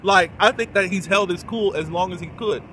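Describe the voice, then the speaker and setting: A man giving a casual, animated recap and review of a TV episode, full of fillers and quoted lines. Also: sits high, moderate pace, slight background noise.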